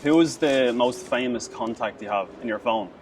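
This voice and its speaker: An Irish man hosting, asking quick, eager, stumbling questions in casual chat outdoors. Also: mid-range voice, background noise. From Ireland. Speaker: host. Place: outdoors on a city street. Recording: street crowd, mic from a distance.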